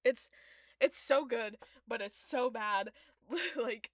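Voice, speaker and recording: A woman's voice: a little high, takes it slowly, no room sound, studio quality. A young woman chatting casually while she draws fan art, emotional and gushing, groaning and squealing. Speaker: streamer drawing fan art. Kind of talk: casual chat while drawing.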